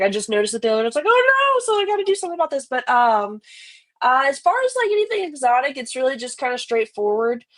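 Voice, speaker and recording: A young woman with a light Louisiana accent, a podcast guest chatting casually in a laid-back, rambling way. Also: medium pitch. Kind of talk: casual chat.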